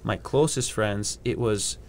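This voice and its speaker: A man's voice: fairly low pitch, a little slow, slight background noise. A young man from Hawaii telling surf stories casually, acting out other people's voices and laughing often. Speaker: guest, surfer and scientist. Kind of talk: casual podcast storytelling.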